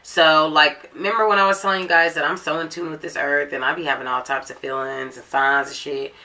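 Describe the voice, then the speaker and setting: A woman's voice: deep voice, level tone, brisk, sharp tone. A woman vlogger chatting through a personal story in a casual, blunt, profane way.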